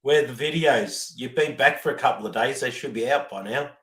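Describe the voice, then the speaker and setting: A man's voice: medium pitch, fairly quick, fairly bright tone, reverberant. A man joining a casual live-stream chat as a guest, playful and easily distracted. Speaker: guest YouTuber.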